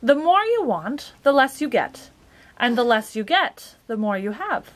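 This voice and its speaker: A woman's voice: fairly high pitch, big pitch swings, a little slow, a bit bright, pitched above the performer's own voice. A woman voicing a cheerful many-faced male dodecahedron who lectures chirpily. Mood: lecturing.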